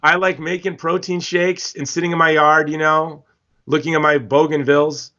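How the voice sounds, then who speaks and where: A man's voice: on the high side, normal speed. Emphatic man telling stories, dull audio. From Hawaii. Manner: emphatic, animated storytelling. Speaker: guest. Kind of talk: casual interview talk.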